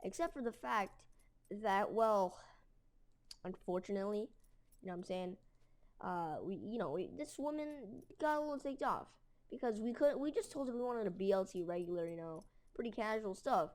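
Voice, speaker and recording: A woman's voice: medium pitch, expressive, normal speed, a little mellow. A woman telling a story casually, rambling with lots of fillers and mild slang. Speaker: storytelling video creator.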